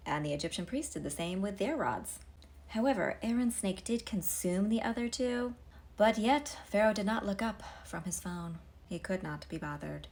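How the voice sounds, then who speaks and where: A woman's voice: lowish voice, normal speed, a little mellow. A woman giving a comedic retelling to camera, wry and sarcastic, full of pop-culture asides. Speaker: comedic storyteller.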